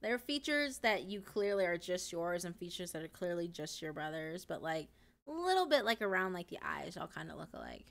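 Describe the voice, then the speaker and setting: A woman's voice: fairly low pitch, sing-song, brisk, a bit bright. A young woman from the American South chatting casually on a stream, giggly and rambling with lots of fillers. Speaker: streamer and voice actor. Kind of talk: casual chat.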